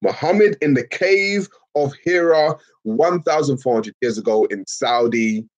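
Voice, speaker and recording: A Liverpool man with a slightly husky, breathy voice talks loosely through a livestream, reading viewers' messages and answering them head-on. His talk is slangy and emphatic, full of bro and man. The sound is dull and lo-fi. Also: mid-range voice, expressive, a little slow. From England. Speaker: live stream host reading chat. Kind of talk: casual livestream chat.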